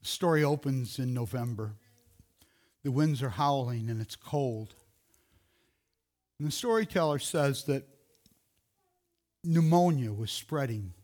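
Rambling male storyteller at middle pitch. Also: a little mellow. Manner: loose and rambling, with restarts and self-corrections. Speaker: speaker telling a closing story. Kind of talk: informal storytelling.

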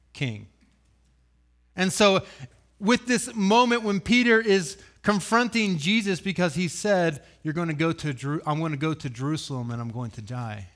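A man preaching a sermon, telling the story with animated acted-out voices, loud sudden bursts and dry joking asides. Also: high voice. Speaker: pastor.

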